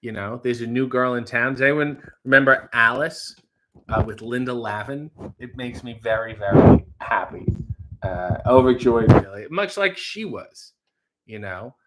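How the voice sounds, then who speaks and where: A man hosting a casual livestream, reading viewer comments aloud with quick, profane asides. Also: mid-range voice, very noisy. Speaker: livestream host reading chat. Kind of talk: casual live chat. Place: home kitchen.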